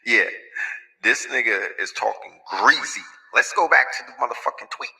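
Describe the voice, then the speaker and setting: A man hosting a podcast, giving animated, profane commentary in street slang. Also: medium pitch, normal speed, vocal fry, husky, in a large hall. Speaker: podcast host. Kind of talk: casual conspiracy commentary.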